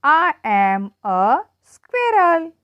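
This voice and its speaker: A woman teacher slowly reading animal riddles to children in an emphatic, sing-song way. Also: sits high, sing-song, no echo. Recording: dull lo-fi dry sound.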